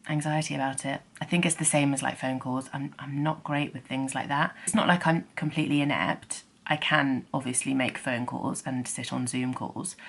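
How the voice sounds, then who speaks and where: A woman's voice: a bass voice, creaky, breathy edge. A woman in her thirties vlogging at home in a chatty, self-deprecating way, sometimes dropping to a whisper. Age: 30s. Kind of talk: casual vlog chat.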